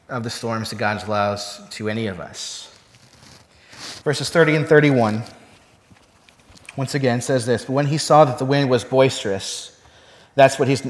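Man preaching in a reverberant hall. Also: medium pitch. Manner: conversational, asks the congregation rhetorical questions. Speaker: pastor. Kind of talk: sermon.

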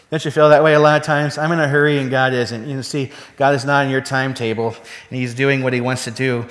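A man's voice: medium pitch, little pitch movement, brisk, a bit bright. Man preaching in a reverberant hall. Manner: conversational, asks the congregation rhetorical questions. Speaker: pastor. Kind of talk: sermon.

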